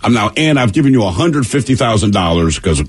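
A man's voice: fairly low pitch, sing-song, quick pace, breathy edge. A man hosting a radio show in casual banter, joking and laughing easily.

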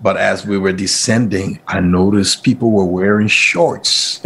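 A man's voice: deep voice, unhurried, husky. A middle-aged man from Liberia, telling his personal story as an interview guest and acting out what people said in a livelier voice. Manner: animated, acts out quoted speech in a raised voice.

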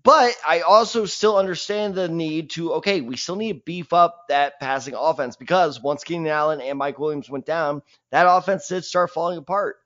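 A young man co-hosting a casual sports podcast, animated and opinionated with mock-dramatic rants, on a dull lo-fi mic. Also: fairly high pitch, normal speed, few pauses.

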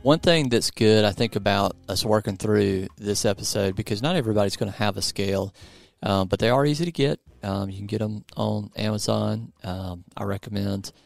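A man's voice: lowish voice, fairly quick, creaky, hardly any pauses, dry recording, soft background music. A man co-hosting a podcast, chatting casually with plenty of fillers and restarts. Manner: rambling, many fillers and restarts. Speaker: podcast co-host. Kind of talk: casual chat.

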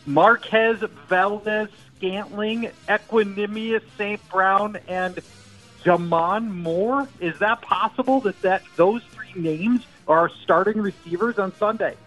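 A man's voice: high-pitched, slow, a bit bright, faint music behind, poor audio. A man talking as a fantasy football analyst on a sports radio show, joking and thinking aloud with restarts. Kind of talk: casual sports radio chat.

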